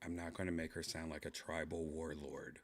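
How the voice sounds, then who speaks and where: A man with a very deep, low voice hosts a casual podcast. He talks deadpan and trolling, drags his fillers out and mutters quiet asides into a studio mic. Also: fairly quick, slight background noise. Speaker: podcast host.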